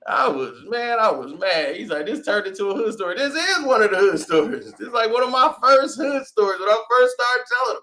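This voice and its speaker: A man in his thirties with a high, bright, forceful voice tells a story in relaxed conversation. His pitch jumps around as he acts out the other people in it, and he laughs easily. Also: brisk, hardly any pauses. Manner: animated, acts out quoted voices, laughs often. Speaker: host. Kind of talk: storytelling in casual chat.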